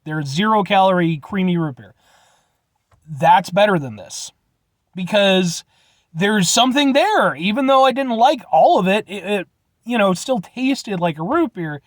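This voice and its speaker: A man's voice: sits high, expressive, measured pace, no echo. A young man from Illinois giving a casual, blunt review with rambling restarts and casual swearing. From Illinois, USA. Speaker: vlogger reviewing root beer.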